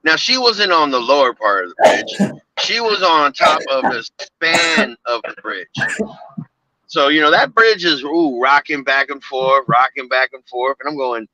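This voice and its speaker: A man's voice: medium pitch, animated, unhurried, pushed and bright, no echo, lo-fi sound. A man from Florida, a tow truck driver, telling stories over the phone in casual profane talk with stammering restarts. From Florida, USA. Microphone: phone while driving.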